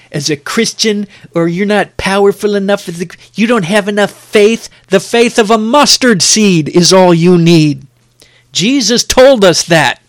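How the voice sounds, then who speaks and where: A man's voice: sits high, dry recording, clean studio sound. Emphatic middle-aged man preaching. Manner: emphatic, exhorting, repeats phrases for effect. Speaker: podcast host. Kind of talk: preaching, sermon-like podcast talk.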